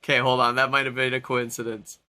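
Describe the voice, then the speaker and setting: A man's voice: medium pitch, flat delivery, quick pace, pushed and bright, no room sound. A man playing a tabletop game, talking frantically, with swearing and dramatic outbursts. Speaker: player voicing his character. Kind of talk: excitable tabletop game banter.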